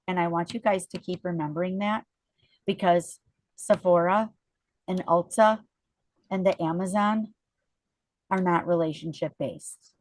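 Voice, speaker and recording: Over a video call, a middle-aged woman leads her sales team, telling an upbeat motivational story with chatty animation and frequent "okay?" and "you guys" check-ins. She has a fairly low pitch, and there's no echo.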